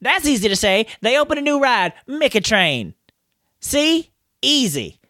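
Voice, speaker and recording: Man podcast host, flustered, tongue-tied, animated, dry close recording. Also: very high-pitched, measured pace, no echo. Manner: flustered, tongue-tied, laughing at his own slips. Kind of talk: casual outtake chat.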